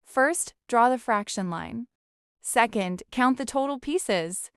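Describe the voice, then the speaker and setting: Smooth-voiced woman giving calm instructions. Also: fairly high pitch, no room sound, studio quality. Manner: calm, measured step-by-step guidance. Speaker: parenting educator. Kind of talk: scripted instructional narration.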